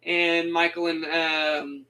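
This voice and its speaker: Bright-voiced young man rambling about a game. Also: a little high, slow pace, a little hiss or hum, rough recording. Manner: rambling, animated, laughs often. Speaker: gaming video host. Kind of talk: casual game commentary.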